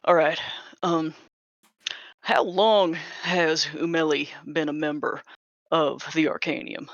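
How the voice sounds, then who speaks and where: A player questioning a character in a tabletop game, halting and probing. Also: mid-range voice, fairly even intonation, fairly bright tone, no room sound, muffled recording.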